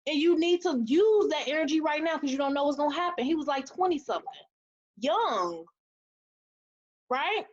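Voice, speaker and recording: A high-pitched woman in her thirties gives a motivational talk to her team on a webinar. She is animated and preachy and acts out the quotes in her stories. The audio is dull and lo-fi, as from a computer mic. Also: normal speed, long pauses. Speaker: team leader.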